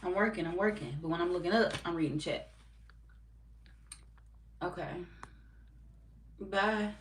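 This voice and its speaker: Speaking a little slowly in a low-leaning voice, a woman runs a live tarot stream where she reads comments and chats casually with viewers. She swears freely and laughs often. There's roomy echo from the far-off mic and faint background noise.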